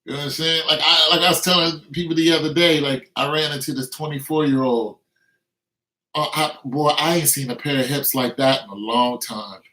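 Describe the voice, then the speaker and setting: A man's voice: fairly high pitch, steady tone, brisk, bright, forceful tone. Man in his fifties, boastful. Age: 50s. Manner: boastful, slang-heavy, laughing while telling. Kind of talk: casual storytelling. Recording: roomy, distant from the mic.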